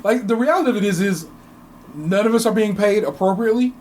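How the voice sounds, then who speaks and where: A man with a high, darkish voice talks quickly over slight background noise. Co-hosting a casual podcast from a home basement studio, he rants with heavy swearing and lots of restarts.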